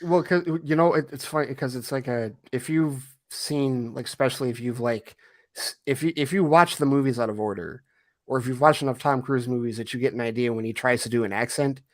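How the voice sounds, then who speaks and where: A man guests on a casual film chat, eager and often restarting his sentences. His mid-pitched voice sounds close and dry. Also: brisk, no echo. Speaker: guest co-host.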